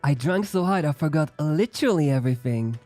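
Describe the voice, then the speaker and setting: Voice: medium pitch, animated, fairly quick, warm tone, faint music behind. A streamer giving casual, joking, chatty commentary while playing a game.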